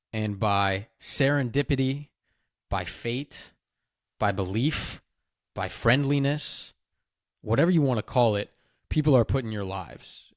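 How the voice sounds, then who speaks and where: A man hosting a podcast, telling a story in an animated, enthusiastic way. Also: medium pitch, dry recording, clean studio sound. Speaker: podcast host. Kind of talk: casual podcast chat.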